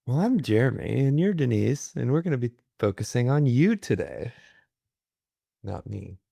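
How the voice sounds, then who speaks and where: A man's voice: medium pitch, very animated, moderate pace, vocal fry, warm tone, husky, no room sound. A man in a casual chat with his wife, asking her questions, with dry, understated humor and few words. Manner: dry, understated, reluctant talker. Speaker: guest interviewer, host's husband.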